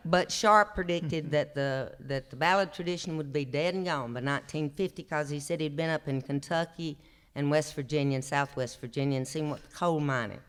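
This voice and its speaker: A man's voice: a little high, normal speed, fairly bright tone, clear, resonant tone. A man in his sixties with an Appalachian accent, telling homespun stories on a stage in a drawling, chuckling way. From Appalachian North Carolina. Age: 60s. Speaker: traditional singer and storyteller. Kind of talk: folksy storytelling on stage. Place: opera house stage, live show.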